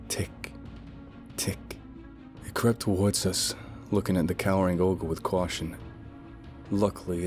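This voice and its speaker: A man's voice: low voice, darkish tone. A man narrating a first-person horror story in a dramatic, lurid style.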